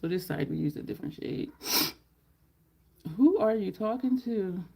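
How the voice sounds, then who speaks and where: A woman's voice: mid-range voice, expressive, moderate pace, vocal fry, mellow, breathy edge. A woman chatting casually through a makeup tutorial at home, rambling into side stories as she goes. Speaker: makeup vlogger.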